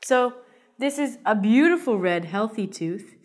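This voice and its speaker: A woman giving an English lesson to learners, slow and deliberate with a slightly high voice. She keeps it playful, throwing in jokey, theatrical asides between vocabulary points. The pace stays unhurried so every word lands clearly. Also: animated. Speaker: English teacher.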